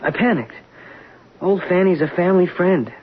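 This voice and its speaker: A man's voice: high voice, expressive, moderate pace. An actor playing an anxious young stockbroker who stammers in his own defense, in a 1970s radio drama. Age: young adult. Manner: nervous, stammering. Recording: dull 1970s radio broadcast.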